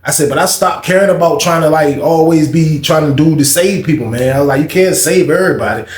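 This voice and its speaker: A young man with a slightly high voice tells a story from his own life at a quick pace, slangy and animated. He acts out the dialogue, quoting people as he goes. The recording has a roomy echo.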